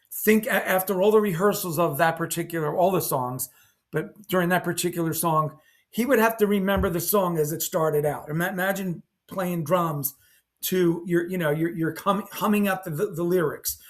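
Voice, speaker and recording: An older man sits and talks casually about his band's past, voice a touch higher than most men's. He rambles from one anecdote to the next and acts out the sounds as he goes. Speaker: band guitarist. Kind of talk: casual storytelling to camera. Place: seated in a chair indoors.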